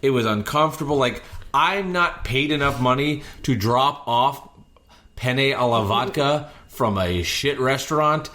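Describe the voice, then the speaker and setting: A man hosting a podcast, telling animated stories from his delivery shifts in casual chat. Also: mid-range voice, unhurried. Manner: animated anecdotes, breaks into singing. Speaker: podcast host and delivery driver.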